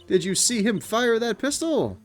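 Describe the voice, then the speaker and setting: A man's voice: extremely high pitch, sing-song, moderate pace, faint music behind, pitched above the performer's own voice. A man voicing an earnest young defense lawyer who presses his questions.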